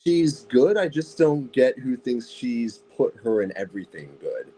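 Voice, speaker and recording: A man's voice: mid-range voice, big pitch swings, unhurried, crowd noise, low-quality recording. A man on a casual podcast chat, blunt and sarcastic, swearing freely as he gives his opinions. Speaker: podcast co-host.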